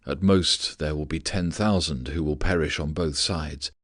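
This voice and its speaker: A man reading the lines of a confident, callous adult male field marshal in an audiobook, in a low, dry, even voice. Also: measured pace, no echo. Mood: dismissive.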